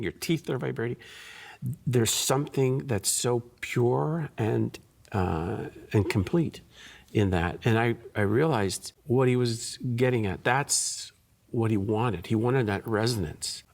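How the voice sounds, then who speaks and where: Guitarist guy being interviewed, mid pitch, chill and thoughtful, restarts his words a lot. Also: lively intonation, slow, vocal fry, darkish tone. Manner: thoughtful, repeats and restarts words, laughs easily. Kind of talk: relaxed conversational interview.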